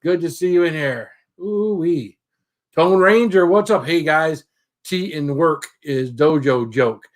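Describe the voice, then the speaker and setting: Middle-aged guy hosting a livestream, kinda high voice, chatty, shouting out everyone in chat. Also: takes it slowly. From Michigan, USA. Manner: chatty, greets viewers by name. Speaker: livestream host. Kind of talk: casual live-stream chat.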